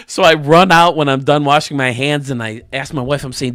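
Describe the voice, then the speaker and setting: A man's voice: medium pitch, moderate pace, pauses often, no echo, clean studio sound. A man who hosts a gaming channel, telling a funny anecdote casually to his viewers and chuckling as he goes. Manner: animated, chuckling anecdote-teller. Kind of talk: casual storytelling to camera.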